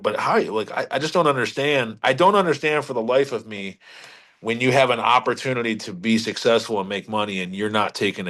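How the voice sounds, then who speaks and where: A middle-aged man with a somewhat low voice talks shop as a guest on a podcast. He is a car dealership leader who speaks bluntly and emphatically, with a little salty language. He often repeats himself and restarts his sentences as he builds his point. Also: a bit bright. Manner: salty, blunt sales talk. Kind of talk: casual interview talk.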